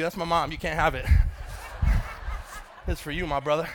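A man's voice: fairly high pitch, steady tone, moderate pace, fairly bright tone. A man, a pastor giving a sermon in a church auditorium, casual and joking with the congregation.

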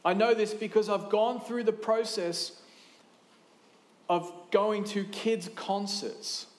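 A man in his thirties preaching a sermon in a lively, conversational way, with quick asides and restarts. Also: sits high, echoey room, slight background noise. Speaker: pastor.

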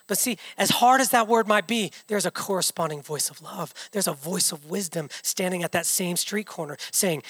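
A man preaching with a high, ringing, bright voice, firing rhetorical questions at his congregation. His sermon carries long reverb from a church hall. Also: brisk. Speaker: pastor.

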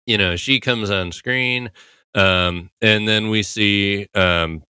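Man, casual rambling commentary, lowish voice, bright forceful tone, lots of fillers. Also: slow pace, clean tone, dry recording, studio quality. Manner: rambling, heavy "you know" fillers, laughs often. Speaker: podcast host analyzing a TV episode.

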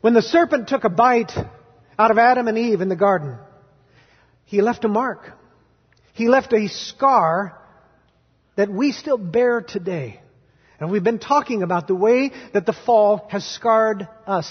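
A man preaching a sermon as pastor, telling stories dramatically and moving from hushed to loud. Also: high voice, slightly rough. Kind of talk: sermon with storytelling. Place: church sanctuary. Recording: dull recording in a reverberant hall.

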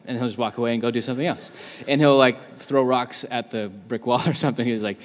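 A man in his thirties preaching a sermon in a conversational, animated way, acting out the quotes he tells. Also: medium pitch, fairly quick, few pauses. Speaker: pastor. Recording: long reverb of a large hall.

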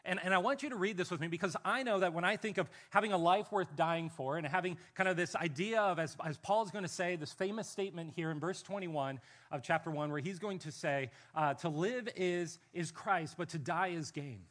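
A male pastor delivering a conversational sermon to his church. His voice sits a little high, and he talks in a relaxed, self-deprecating way, slowing down and going soft when he reads aloud.

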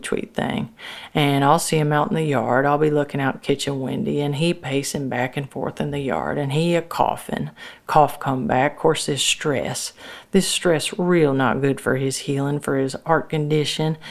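A woman's voice: low-pitched, vocal fry. A woman telling, as a worker's wife, a rambling story in folksy rural dialect, as a dramatic monologue.

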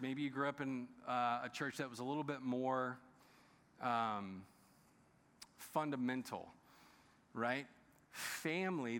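A man's voice: on the high side, bright, forceful tone. A man preaching a sermon as pastor. He speaks emphatically and often asks the congregation rhetorical questions. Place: large church sanctuary. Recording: long reverb of a large church hall.

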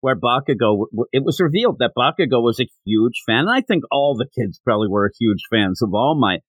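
A man's voice: medium pitch, animated, fairly quick, dry recording. A man hosting a casual podcast, animatedly retelling comic scenes and acting out the characters' lines. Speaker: podcast host.

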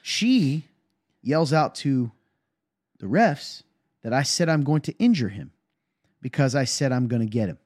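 A man, a pastor, co-hosting a casual talk show and telling stories in a quick, emphatic way. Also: medium pitch, dry recording, clean studio sound. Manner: animated storyteller, quick and emphatic. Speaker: pastor and podcast co-host. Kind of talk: casual chat.

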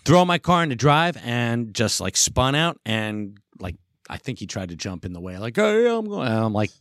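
A man in his thirties telling a profane, animated story in casual chat. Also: on the low side, normal speed, no echo, clean studio sound. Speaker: podcast guest.

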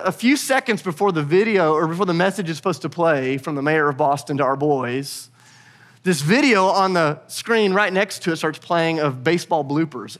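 Storytelling pastor, earnest and lively. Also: male voice, high-pitched. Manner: storytelling, lively and earnest, dropping soft for prayer. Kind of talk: sermon.

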